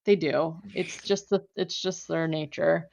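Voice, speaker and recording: A woman's voice: low voice, fairly even intonation, unhurried, gravelly, a little mellow. Chatty woman recapping a movie. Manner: chatty, many fillers like "like", laughs often. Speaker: podcast host. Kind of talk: casual movie recap chat.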